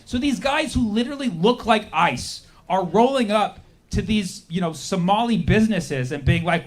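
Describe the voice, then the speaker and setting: A man's voice: high-pitched, expressive, fairly quick, few pauses. A man performing a sarcastic stand-up comedy set, acting out the people he quotes. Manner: sarcastic, acts out quoted voices.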